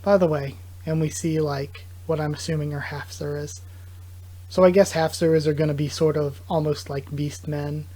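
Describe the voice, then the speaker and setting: A man's voice: fairly high pitch, flat delivery, moderate pace, mellow. A man hosts a live reaction with a voice sitting a bit above the usual male range. His talk is loose and chatty, full of asides and amused chuckles as he reads dialogue aloud and comments on it. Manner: chatty, amused, laughs often. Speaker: reaction video host.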